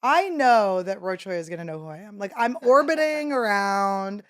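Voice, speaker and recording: A woman in her thirties hosting a podcast, telling a story in casual chat and acting out quotes in a higher voice. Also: moderate pace. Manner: animated, acts out quotes in a high voice. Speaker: podcast host.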